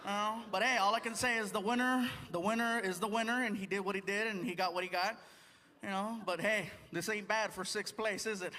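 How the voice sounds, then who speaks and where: A male stand-up comedian performing on a large theater stage, chatty and animated as he acts out voices. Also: high voice, brisk, in a large hall. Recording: live theater with crowd noise.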